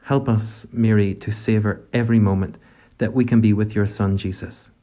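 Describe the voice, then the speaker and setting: A man leading a gentle, reflective prayer meditation, speaking directly to God. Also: lowish voice, steady tone, moderate pace.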